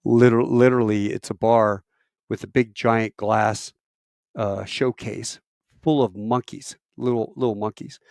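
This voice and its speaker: A middle-aged man, a military veteran, telling a long personal story in a casual, animated way, with self-deprecating asides and rambling fillers. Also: unhurried, gravelly, no echo, clean studio sound. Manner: animated, acts out quoted voices with big pitch jumps.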